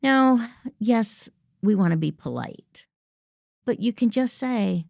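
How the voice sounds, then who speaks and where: A woman's voice: on the high side, expressive, takes it slowly, creaky, a little mellow, no echo, studio quality. A woman hosting a workplace podcast, coaching listeners in an assertive manner and acting out example phrases. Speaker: podcast host. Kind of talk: instructive podcast monologue.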